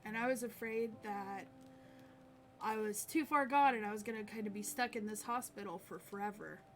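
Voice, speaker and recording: A woman streamer telling a personal story to camera in a halting, hesitant way, often pausing and restarting. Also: medium pitch. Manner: halting, hesitant, with many pauses and fillers. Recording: clear instrumental music in background.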